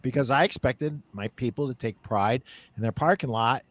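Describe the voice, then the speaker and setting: A man hosting a podcast interview, telling stories in a casual, animated way and laughing easily. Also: mid-range voice, normal speed, dry recording. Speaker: podcast host.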